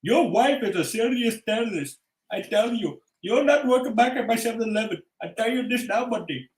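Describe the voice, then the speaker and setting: A man's voice: extremely high pitch, lively intonation, brisk, echoey room, far from the mic, voice pushed up, rough recording. A man doing an indignant convenience store clerk.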